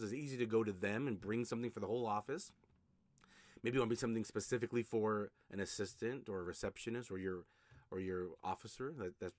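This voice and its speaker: A man's voice: mid-range voice, dry recording, studio quality. A man hosting a solo podcast, giving casual advice in a conversational way, often restarting his sentences. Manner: conversational, repeats himself, frequent restarts and fillers. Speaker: podcast host, notary signing agent.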